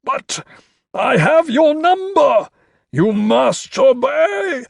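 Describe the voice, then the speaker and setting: A man's voice: extremely high pitch, animated, very slow, a little mellow, dry recording, studio quality, voice pushed up, exaggerated voice. A man voicing a frantic male cult wizard who shrieks commands in a gurgling, glutinous voice. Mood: shrieking.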